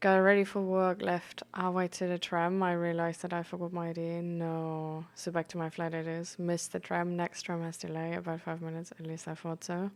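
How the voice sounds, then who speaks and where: A young woman from Germany rambles through her day on a live stream. She talks bluntly, swears without a second thought and stops to greet viewers. Her voice sits slightly low. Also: monotone, normal speed, hardly any pauses. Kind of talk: casual live-stream chat.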